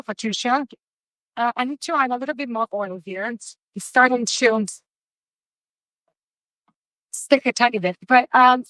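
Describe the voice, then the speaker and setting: A woman's voice: a little high, fairly bright tone, dry recording, rough recording. A woman hosting a live cooking stream from her home kitchen, chatty and effusive as she cooks and reads viewer comments aloud. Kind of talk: casual live-stream chat while cooking.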